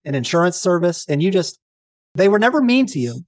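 A man co-hosting a podcast in casual chat, an animated storyteller who swears freely. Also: high-pitched, brisk, no room sound. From Texas. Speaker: podcast co-host.

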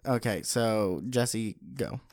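A man co-hosting a podcast, talking in casual banter with a deadpan, teasing and crude manner. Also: lowish voice, slow pace. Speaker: podcast co-host.

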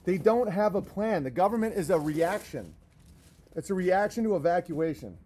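A high-voiced man rants loudly into the mic, hammering each point home. His talk is blunt, full of swearing, and comes in fast bursts with long lists. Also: animated, slight background noise. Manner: loud, profane, emphatic ranting. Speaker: host. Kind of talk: ranting livestream talk. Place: outdoors in his garden.

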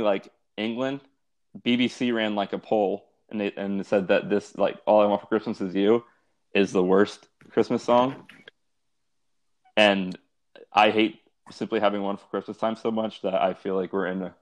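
A man's voice: lowish voice, fairly even intonation, normal speed. A young American man co-hosting a casual podcast, arguing playfully and filling his talk with "like". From United States. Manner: playful, argumentative, many fillers. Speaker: podcast co-host. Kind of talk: casual chat.

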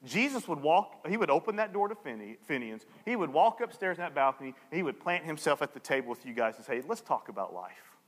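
A male pastor preaching a sermon, telling a story and acting out the people in it with lively energy. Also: fairly high pitch, fairly quick, big-room sound. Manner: animated storyteller acting out dialogue.

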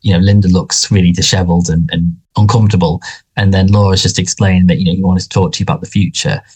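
A man's voice: low voice, level tone, fast, darkish tone, slightly rough. A man co-hosting a casual podcast, talking with lots of fillers, restarts and hesitations. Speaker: podcast co-host.

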